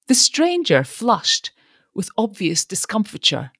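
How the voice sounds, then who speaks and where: A woman narrates a storybook with a somewhat low voice that moves in lively pitch. The reading is expressive, and the recording is close and dry with no room sound. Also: a little slow, dry recording. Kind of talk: audiobook narration.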